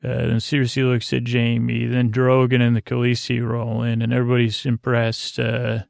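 Man, sleepy rambling recap host; gravelly, monotone, close and dry. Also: medium pitch, normal speed, dry recording. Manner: rambling, many uh fillers, flat drowsy delivery. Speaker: podcast host recapping a TV episode.

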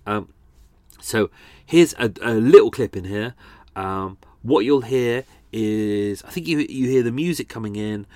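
A man hosting a podcast, casually and self-deprecatingly explaining how he edited audio, often halting mid-sentence. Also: fairly low pitch, darkish tone, no room sound, clean studio sound. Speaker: podcast host. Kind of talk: casual behind-the-scenes talk about audio editing.

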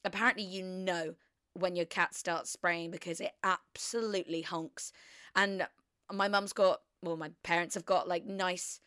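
Chatty young woman, smooth dry voice. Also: on the low side, steady tone, measured pace, a bit bright, no echo. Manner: rambling, chatty, heavy use of "like". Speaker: podcast host. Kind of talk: casual confessional chat.

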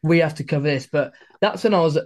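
A man chatting as a guest on a podcast, telling stories animatedly and swearing freely. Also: fairly high pitch. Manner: animated, swearing, rapid storytelling. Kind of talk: casual podcast chat.

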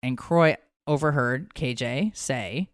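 A woman's voice: rumbling low, slow, no echo, studio quality. A woman co-hosting a podcast in casual chat, rambling and emotional, swearing freely. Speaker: podcast co-host.

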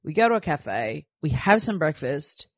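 With a low voice that swings widely in pitch, an Australian woman in her thirties hosts a podcast at normal speed, in a clean studio with no room sound. She tells stories in a casual, chatty way, acting out her own lines.

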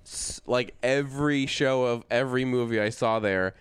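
A man in casual chat, telling jokey, animated stories. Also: mid-range voice, normal speed, smooth. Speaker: podcast co-host.

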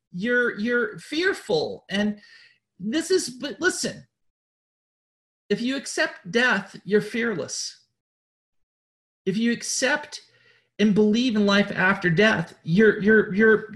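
A man with a high, slightly bright voice hosts a spiritual pep talk. He preaches bluntly and swears often, repeating words and restarting sentences as he pushes on.

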